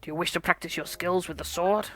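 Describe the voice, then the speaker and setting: Woman putting on a gruff old pirate swordsman. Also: fairly low pitch, fairly even intonation, fast talker, pushed and bright, faint music behind. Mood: instructive. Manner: gruff, drawling pirate growl. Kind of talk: reading game dialogue aloud.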